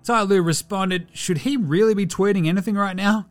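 A man's voice: high-pitched, normal speed, soft background music. A man with an Australian accent hosting a casual sports podcast, with sweary, jokey, rambling banter. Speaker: podcast host.

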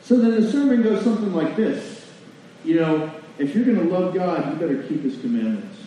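A man preaching a sermon in a church, folksy and animated, asking the congregation questions. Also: high voice, fairly quick, a little hiss or hum. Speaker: pastor. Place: church sanctuary. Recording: distant mic in a very echoey hall, lo-fi.

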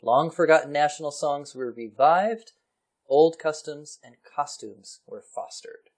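A man casually explaining history on a podcast, chatty and quick to laugh. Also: fairly high pitch. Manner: chatty, laughs often, slips into playful voices for historical figures.

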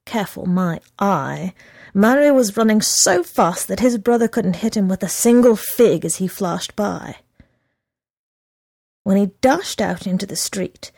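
A woman reads a story aloud at an unhurried, measured pace, shaping each phrase expressively. Her voice carries a gravelly texture, and the recording is dry and close with no room sound. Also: mid-range voice, warm tone, no echo. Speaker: reader.

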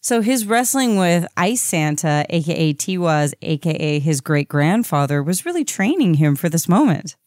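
A woman's voice: lowish voice, sing-song, normal speed, few pauses, a little mellow, no echo, clean studio sound. A woman co-hosting a podcast in a casual, amused, chatty comic book discussion. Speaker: podcast co-host.

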